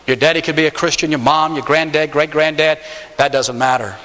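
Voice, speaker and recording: Emphatic preacher in a reverberant hall. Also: male voice, steady tone, fairly quick, bright, forceful tone. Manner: emphatic preaching, swings pitch up on key words. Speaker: pastor. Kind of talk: sermon.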